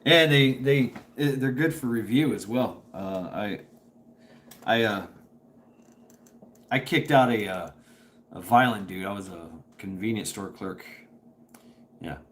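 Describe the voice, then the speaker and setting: Slow and given to long pauses, the man's fairly low, fairly bright voice carries a casual indoor livestream chat from his home. He's a rambling host who laughs often and swears without restraint; the table-propped camera picks up a little hiss or hum.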